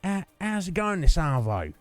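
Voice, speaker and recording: Man doing a mock Australian accent, cheery bloke, raised pitch, sing-song, exaggerated. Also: very animated, normal speed, soft background music. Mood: jokey. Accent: put-on Australian.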